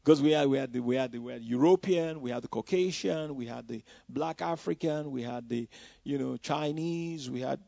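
A man's voice: mid-range voice, normal speed, gravelly, mellow, dry recording. A man from Nigeria, preaching a personal testimony in a loose, conversational way with many "you know" asides. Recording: dull, dry lo-fi recording.

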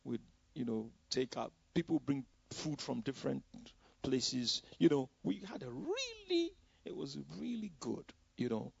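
Gravelly preacher telling his story. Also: medium pitch, big pitch swings, a little slow, darkish tone. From Nigeria. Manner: conversational storytelling, full of "you know" asides. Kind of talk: personal testimony in a sermon. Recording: dull, dry lo-fi recording.

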